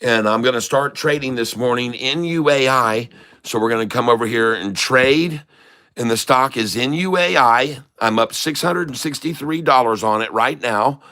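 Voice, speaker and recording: At normal speed, a middle-aged man with a sharp, mid-range voice runs a live day-trading stream. He's upbeat, greeting viewers, reading their messages, and hyping everyone up.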